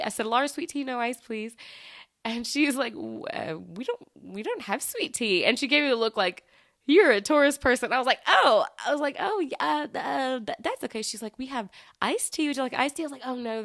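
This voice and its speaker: A woman's voice: mid-range voice, a bit bright, no echo. Lady podcasting, chatty, laughs a lot, acts out her quotes, dry close sound. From United States. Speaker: podcast host. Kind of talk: casual travel storytelling.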